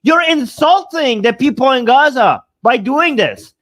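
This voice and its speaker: A man's voice: very high voice, animated, a little slow, a bit bright. A man hosting a debate show, reacting to a clip with angry, indignant commentary and repeating himself. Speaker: host.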